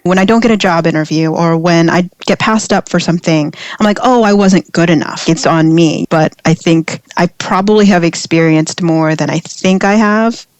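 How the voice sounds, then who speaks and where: A woman's voice: sits low, dry recording, poor audio. Reflective woman podcast guest, dry sound. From born in Switzerland, raised in Texas. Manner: reflective, animated storyteller. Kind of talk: casual conversation.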